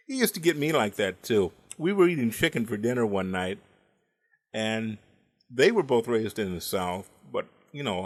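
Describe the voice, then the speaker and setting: A man's voice: medium pitch, fairly bright tone. Wry middle-aged man telling funny stories. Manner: dry, wry delivery with punchline timing. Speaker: storyteller. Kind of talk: comedic storytelling monologue.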